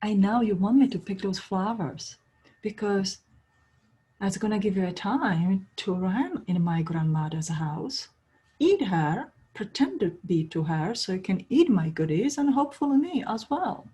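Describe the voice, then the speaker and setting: Sweet calm little girl in a red hood, soft breathy storybook voice, kind and soothing, a woman doing her. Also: mid-range voice, unhurried. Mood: firm. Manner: gentle, soothing, sometimes whispered.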